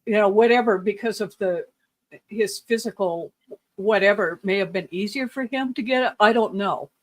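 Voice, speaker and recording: Give me a podcast co-host in loose, casual conversation, drifting through a long story full of "um"s and small laughs, at an ordinary, middle pitch. The talk meanders and picks up energy at the funny parts. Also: normal speed. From lived in the southwestern US. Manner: rambling anecdotes with frequent fillers and laughs.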